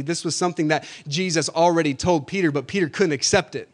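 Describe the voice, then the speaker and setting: A man preaching a sermon, swinging between loud emphatic declarations and quieter storytelling, slowing down to stress key phrases and calling out to the congregation. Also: fairly high pitch.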